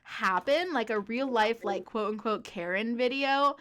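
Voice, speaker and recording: Animated young woman telling a story. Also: a little high, unhurried. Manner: animated storyteller with frequent "like" fillers and laughter. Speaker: podcast co-host. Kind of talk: casual chat, storytelling.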